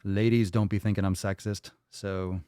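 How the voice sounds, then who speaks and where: A man's voice: sits low, level tone, moderate pace, mellow, smooth, dry recording, clean studio sound. Blunt, profane man hosting a livestream. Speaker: fitness podcast host. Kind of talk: live Q&A chat.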